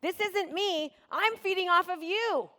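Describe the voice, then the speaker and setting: A high-voiced woman speaking as a motivational coach from the stage of a large room. Her delivery is animated and energetic, full of storytelling. Long reverb from the live venue hangs behind her voice. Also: unhurried. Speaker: real estate coach. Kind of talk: motivational seminar talk.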